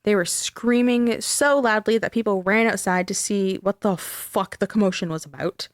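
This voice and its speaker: A woman's voice: medium pitch, normal speed, no echo, clean studio sound. A young woman podcast host telling a spooky local legend in casual, swear-filled chat. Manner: chatty, swears freely, tells the story.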